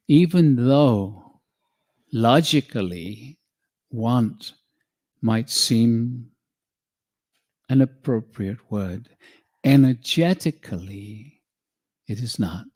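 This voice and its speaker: A man giving a slow, calm spiritual teaching, speaking in measured phrases and calling his listeners "beloved". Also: medium pitch.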